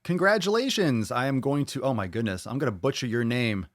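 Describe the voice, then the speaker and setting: A man's voice: medium pitch, expressive, brisk, no room sound, studio quality. A man hosting a podcast, chatting casually and bluntly, swearing freely as he reads viewer comments aloud and reacts to them. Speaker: podcast host.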